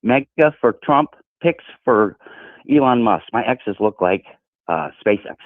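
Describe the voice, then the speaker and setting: A man's voice: mid-range voice, animated, a little slow, dry recording. A male caller rings in for a casual, joking chat, stumbling over his words now and then. His voice comes through a thin, tinny phone line with no room sound around it.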